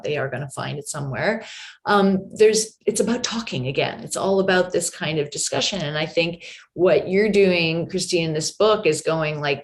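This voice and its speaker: Chatty woman moderating, rambling. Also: lowish voice. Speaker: discussion moderator. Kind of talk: casual discussion.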